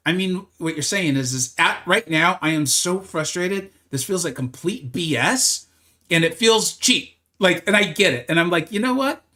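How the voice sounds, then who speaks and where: A man's voice: fairly high pitch, sharp tone. A man streaming a video game live, chatting casually and answering viewers' comments as he plays. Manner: chatty, answers viewer chat, frequent restarts. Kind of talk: casual livestream chat while playing.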